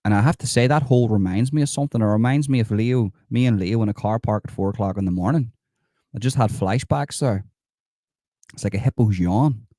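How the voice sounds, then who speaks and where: A man riffs sarcastically over clips, praising what he mocks in a low voice. He leaps from calm asides to excitable outbursts. The sound is dry and close. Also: fairly quick, no room sound. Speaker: satirical commentator.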